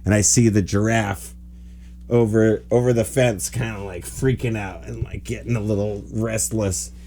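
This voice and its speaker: A man in his forties with a lowish voice hosts a podcast, telling a long, animated, rambling story packed with "like" at a moderate pace. There's slight background noise in this casual storytelling chat.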